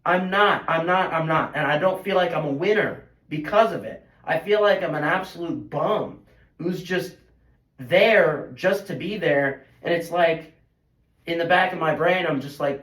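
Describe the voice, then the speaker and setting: A man's voice: fairly high pitch, unhurried, fairly bright tone. Frustrated teenage boy venting in an echoey room. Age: teens. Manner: frustrated, self-critical, rambling with restarts. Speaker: high school golfer. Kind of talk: emotional venting monologue. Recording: roomy echo.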